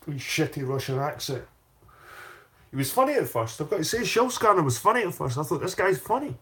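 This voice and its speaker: A man's voice: fairly high pitch, big pitch swings, a little fast, bright, forceful tone, breathy edge. A man hosting a casual livestream, talking in a profane, rambling way and repeating his phrases. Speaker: channel host.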